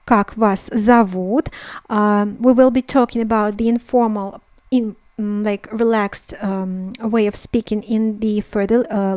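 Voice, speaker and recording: A woman whose first language is Russian teaches a language lesson in English, explaining slowly with many fillers and repeating each phrase. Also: mid-range voice, warm tone, no echo.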